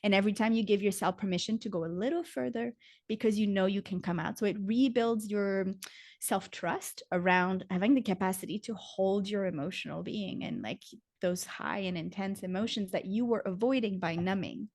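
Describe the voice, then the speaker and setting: Calm woman explaining, dry sound. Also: mid-range voice, normal speed, no echo. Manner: calm, teaching, uses "like" often. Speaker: yoga teacher and somatic coach, podcast guest. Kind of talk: casual explanatory interview talk.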